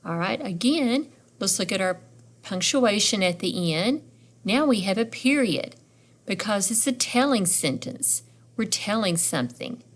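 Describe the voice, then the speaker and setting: A middle-aged woman leads a beginners' phonics lesson at a very slow, deliberate pace. She sounds out each letter and word family one piece at a time, then checks in with her young listeners through friendly questions. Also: medium pitch, animated. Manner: sounds out letters and words slowly, encouraging questions. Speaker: teacher.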